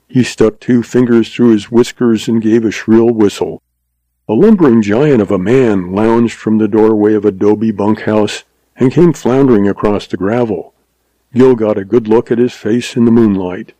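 A man narrating a western story in a steady, measured storytelling manner. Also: fairly low pitch, no room sound, rough recording.

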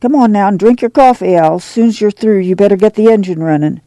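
A man's voice: sits high, fairly quick, warm tone, no room sound, studio quality, voice pushed up. A man voicing a weary, determined farm mother who gives firm orders in plain rural dialect. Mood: firm, urging.

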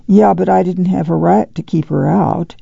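A man voicing a guilt-ridden, sorrowful farm uncle who talks haltingly in rural dialect. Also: high-pitched, vocal fry, mellow, slightly rough, dry recording, heavily acted. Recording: dull dry lo-fi studio read.

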